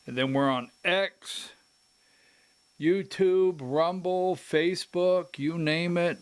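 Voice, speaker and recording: A man hosting a politics show in an unhurried, drawn-out delivery, with a voice that sits somewhat high for a man. He rambles, restarts his sentences and throws in pointed asides. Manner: rambling, self-interrupting, emphatic asides. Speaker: host.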